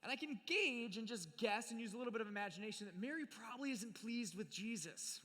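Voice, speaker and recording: A youth speaker whose voice sits high, bright and forceful talks animatedly at a fairly quick pace. In his live sermon on scripture he plays out the people in the story, recorded in a large, reverberant hall.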